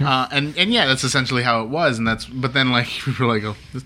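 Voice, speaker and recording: A man with a bright, forward voice co-hosts a casual podcast. He rambles with enthusiasm, restarts his sentences often, and drifts from one piece of trivia to the next. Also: medium pitch, fast. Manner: rambling, enthusiastic, many restarts and acted-out quotes. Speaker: podcast co-host. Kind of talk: casual chat about comics and films.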